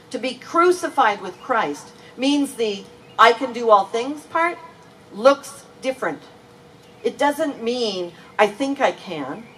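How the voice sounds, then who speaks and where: A woman preaching a sermon in an unhurried, deliberate way, pressing hard on the words she wants to land. She sounds a little distant from the mic, with a faint hiss of room noise behind her. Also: on the high side, bright, forceful tone. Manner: earnest, emphatic preaching with slow deliberate stresses. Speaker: pastor. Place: church.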